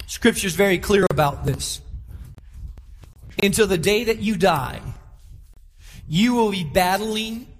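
High-voiced preaching pastor in a hall. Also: male voice. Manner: preaching with rising, emphatic repetition to a congregation. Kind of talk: sermon. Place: large church auditorium.

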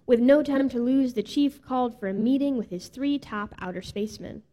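Storybook narrator: woman, fairly high, mellow, expressive, in a reverberant hall. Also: moderate pace. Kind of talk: storybook read-aloud.

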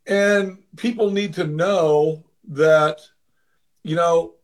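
Very slow and steady in tone, this man's voice is on the high side. A former baseball manager and interview guest, he tells a personal story earnestly in casual conversation, sometimes acting out the voices of the people in it.

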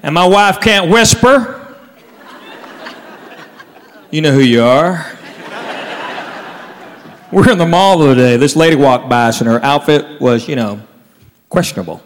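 A man telling stand-up stories, with wry, drawn-out punchlines. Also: a little high, expressive, big-room sound. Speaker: stand-up comedian. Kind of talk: stand-up storytelling. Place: comedy stage before a live audience. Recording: noisy live show with crowd laughter. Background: audience laughing.

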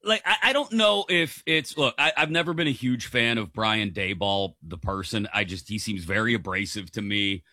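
A man's voice: fairly low pitch, animated, moderate pace, few pauses, sharp tone, no echo, studio quality. A man hosting a sports talk show, thoughtful and analytical. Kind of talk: casual sports chat.

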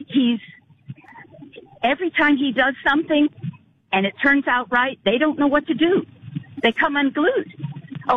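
A speaker in a casual conversation over a remote line, talking haltingly with repeated restarts. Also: mid-range voice. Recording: tinny phone line with faint noise.

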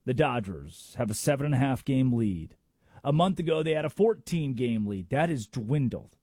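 Animated sports radio host, dark voice. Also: male voice, mid-range voice, normal speed, husky, dry recording, studio quality. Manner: animated, emphatic, builds arguments with rhetorical questions. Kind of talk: sports talk radio monologue.

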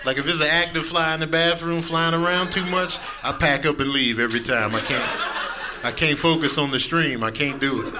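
A man in his thirties doing an animated stand-up comedy set on a club stage, acting out other people's voices. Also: a little high, fairly quick. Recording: live recording with audience noise.

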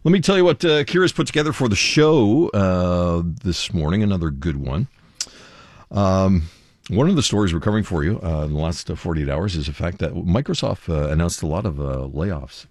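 A man's voice: deep voice, normal speed, no room sound, studio quality. A man hosting a morning radio show in casual chat, talking with many fillers. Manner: chatty, lively, many fillers. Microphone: studio microphone.

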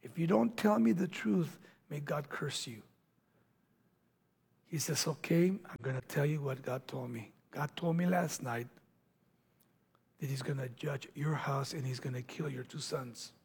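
A man preaching a sermon, retelling a Bible story dramatically, acting out the voices and dropping to hushed near-whispers. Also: fairly high pitch, measured pace, creaky, pauses often, slightly rough.

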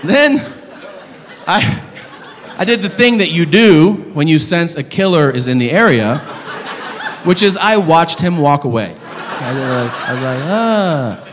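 A man performing a stand-up comedy set, telling a story loudly and incredulously and shouting out the lines he acts out, on a club stage with the audience laughing. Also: on the high side, lively intonation, measured pace, pauses often. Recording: reverberant live venue with crowd noise.

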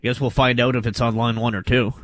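Animated male radio host in a dry studio. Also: mid-range voice, fast, no room sound. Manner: gets worked up, voice climbing when riled. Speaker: radio sports talk host. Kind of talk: radio talk show banter.

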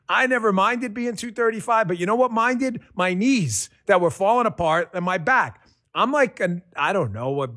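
A man's voice: high-pitched, pushed and bright, no echo, clean studio sound. A man reading a personal testimonial ad on the radio in a folksy, enthusiastic, conversational way.

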